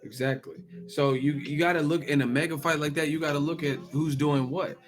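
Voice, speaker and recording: A man with a fairly high-pitched voice hosts a boxing channel, riffing through casual, profane commentary. He's animated and fires off rapid rhetorical questions one after another. A bit of hiss or hum sits under the recording.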